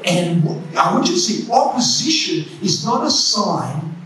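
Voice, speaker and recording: A man preaching a sermon, impassioned and often shouting. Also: sits high, big pitch swings, a little slow, a little hiss or hum. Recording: echoey church hall from far off.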